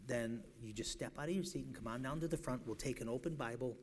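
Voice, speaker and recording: A male preacher giving an evangelistic sermon in a church, shouting one moment and pleading softly the next, often repeating himself. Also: mid-range voice. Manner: swings from shouting to hushed, pleading; repeats words and restarts. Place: church sanctuary.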